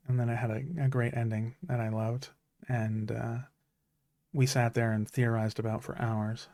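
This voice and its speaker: A man's voice: mid-range voice, flat delivery, moderate pace, warm tone, dry recording. Earnest man in his thirties, dry mic. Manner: earnest and emotional, many restarts. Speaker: streamer. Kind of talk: casual chat.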